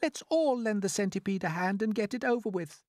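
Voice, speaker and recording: A man doing a fretful, squeaky ladybird. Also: expressive, brisk, a little mellow, dry recording, clean studio sound. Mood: coaxing. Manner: fretful, very high and strained. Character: timid, polite female ladybird.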